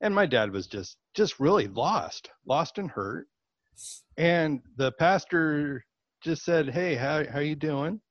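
A male interview host with a somewhat raised pitch retells a brief story in a relaxed conversational way. The recording is dry and a little dull, as if muffled. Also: slow, no room sound.

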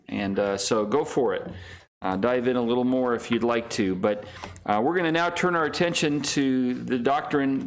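Middle-aged man, pastor type, casual Bible-study teacher, filler-heavy, average pitch. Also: a little hiss or hum. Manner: casual, many fillers and restarts; reads scripture in raised, higher voice.

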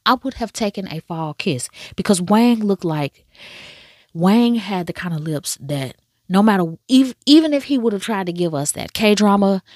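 Animated woman reviewing a drama. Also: medium pitch, moderate pace, dry recording, studio quality. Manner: animated, slangy storytelling with many asides. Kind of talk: casual chat reviewing a drama.

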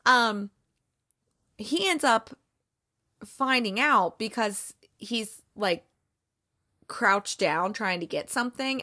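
A woman's voice: on the high side, pushed and bright. Chatty rambling woman reviewing movies. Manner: chatty, rambling, sarcastic, many fillers. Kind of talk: casual chat.

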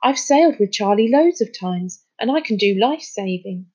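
A woman's voice: mid-range voice, expressive, normal speed, a little mellow, slightly rough, dull audio. A woman reading a storybook, voicing an indignant, eager young boy.

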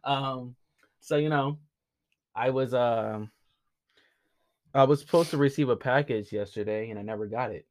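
A young man co-hosting a podcast, telling a story in casual chat, animated and laughing often. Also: mid-range voice, moderate pace, long pauses. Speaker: podcast co-host.

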